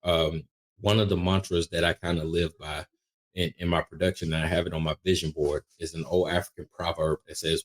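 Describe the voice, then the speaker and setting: A middle-aged man, a veteran and media producer, telling a lively story as a podcast guest, often restarting his sentences as he goes. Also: sits low, a little fast. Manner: animated, lively anecdote telling with frequent restarts. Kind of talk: casual storytelling in an interview.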